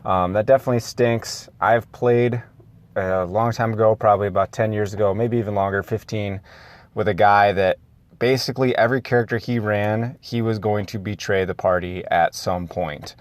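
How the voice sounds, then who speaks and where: A man leaving a voicemail call-in, telling a relaxed story. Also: lowish voice, normal speed, no echo. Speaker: caller.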